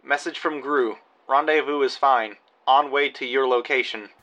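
A man's voice: mid-range voice, normal speed, pushed and bright, highs cut off, close to an everyday voice. A man voicing a communication armband that relays terse, dispatch-style messages.

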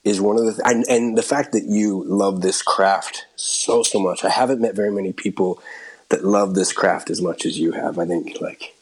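Husky low-voiced man telling stories. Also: fairly even intonation, moderate pace, poor audio. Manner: rambling anecdotes with frequent laughs and restarts. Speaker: actor and guest. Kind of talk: casual storytelling interview.

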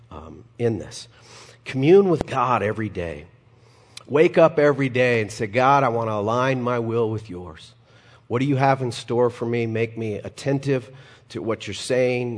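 Pastor guy preaching, lively and jokey, long hall reverb. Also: mid-range voice. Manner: animated, humorous asides, acts out quoted lines. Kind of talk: sermon.

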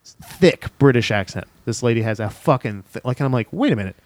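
A man hosting a casual comedy podcast, telling stories in a rambling way with lots of swearing, and jumping high in pitch when he quotes people. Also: a little fast, a little mellow.

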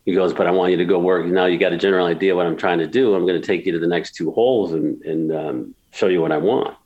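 A man's voice: sits low, fairly even intonation, fast, darkish tone, dull audio. A man in his sixties from upstate New York, telling emotional stories in an interview with many restarts and repeats. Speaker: golf course builder, guest. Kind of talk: storytelling interview.

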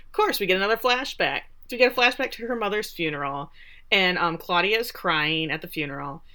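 A woman's voice: on the low side, lively intonation, brisk, bright, forceful tone. A woman co-hosting a podcast, recapping a TV episode in a casual, chatty way with wry asides. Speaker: podcast co-host.

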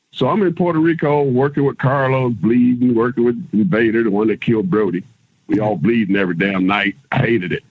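A husky middle-aged man spins lively road stories, slipping into other people's voices and swearing casually. The sound is dry and close. It comes through a tinny, phone-like line. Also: fairly low pitch, dry recording. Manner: animated storyteller, acts out others' lines, casual swearing. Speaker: guest, former pro wrestler. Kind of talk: casual storytelling interview.

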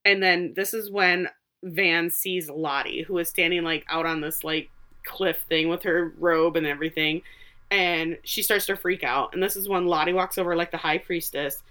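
A chatty woman retells scenes in a casual recap, dropping into quick quoted asides and frequent fillers. Her voice is bright and forward, sitting a little low in pitch. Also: fairly even intonation. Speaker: podcast co-host.

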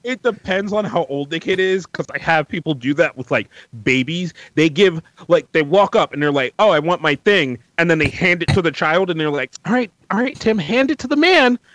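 A slightly higher-pitched man ranting in casual podcast chat, mimicking people with mocking exasperation. The sound is close and dry. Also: moderate pace, hardly any pauses, fairly bright tone, no room sound. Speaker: podcast guest.

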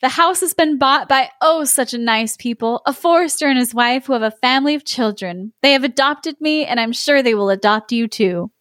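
A woman's voice: sits high, moderate pace, few pauses, fairly bright tone, no room sound, clean studio sound. Gushing little cat wife, as a woman puts her on. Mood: excited. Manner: eager, gushing. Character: excited little female cat, chatty and proud.

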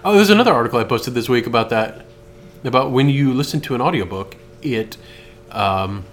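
A man's voice: medium pitch, expressive, brisk, a little hiss or hum. Rambling, profane man co-hosting a podcast. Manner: rambling storyteller, profane asides. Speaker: podcast co-host. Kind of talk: casual chat.

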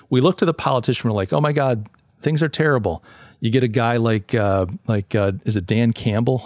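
A man's voice: fairly low pitch, a little mellow, no echo, clean studio sound. A man hosting a solo talk show, reviewing a paper in a loose conversational way, often restarting sentences and acting out what people say. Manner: conversational, restarts often, acts out quoted voices. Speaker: podcast host.

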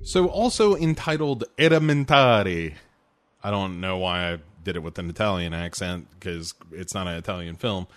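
Low-voiced man chatting loosely about films. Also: normal speed, hardly any pauses. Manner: rambling, relaxed, many fillers. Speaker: podcast host reviewing films. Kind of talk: casual chat.

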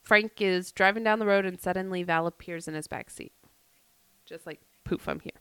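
A podcast co-host, a woman with a fairly low voice, recounts a wild story in casual chat, laughing and joking as she quotes voices. Her delivery is pushed and bright at a moderate pace, with a clean tone. The recording is dry.

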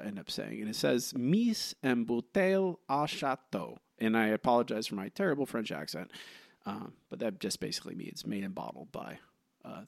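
A man's voice: fairly low pitch, creaky, a bit bright, no room sound, clean studio sound. A man co-hosting a podcast in casual trivia chat, teasing his partner and rambling through answers with many fillers. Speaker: podcast co-host.

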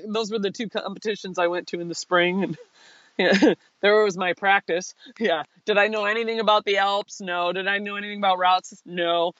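High-voiced man, laughing storyteller. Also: normal speed, no room sound, highs cut off. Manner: animated, laughs often, acts out his past self in a higher voice. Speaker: guest, paraglider. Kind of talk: casual storytelling interview.

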